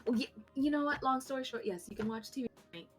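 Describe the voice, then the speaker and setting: A woman co-hosting a podcast who tells a story in a casual, animated way, swearing freely and poking fun at herself. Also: high-pitched, fast talker, faint music behind. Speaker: podcast co-host.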